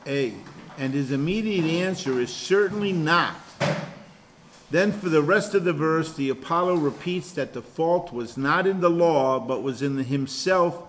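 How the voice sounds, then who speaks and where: A man's voice: on the high side, a little slow, a little hiss or hum. Man pastor teaching a Bible class. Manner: conversational, explains verse by verse with frequent restarts. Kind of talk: informal Bible study teaching.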